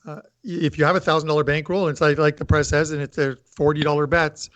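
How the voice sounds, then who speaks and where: A hesitant man on a sports-betting panel with a fairly high voice, easing into his points through plenty of fillers. His voice comes through dry and close. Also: little pitch movement, fairly bright tone, dry recording. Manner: hesitant, filler-heavy, measured advice. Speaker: panelist handicapper. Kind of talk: casual betting panel talk.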